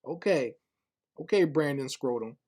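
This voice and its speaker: A man's voice: medium pitch, animated, a little slow, darkish tone. Blunt, scornful male commentator. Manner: blunt, scornful, repeats words as he thinks. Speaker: online commentator. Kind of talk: casual spoken commentary.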